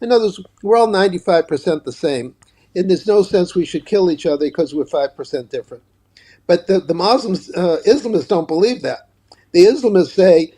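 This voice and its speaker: A man's voice: high-pitched, lively intonation, brisk, warm tone, slightly rough. An older man, an author, speaking emphatically as a guest in a political interview and often repeating words as he starts a point.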